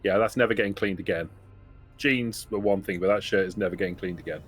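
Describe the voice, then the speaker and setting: Comic-relief player: light and joking, with soft music under him. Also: deep voice. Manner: playful, joking, quick to laugh. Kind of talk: casual tabletop role-play.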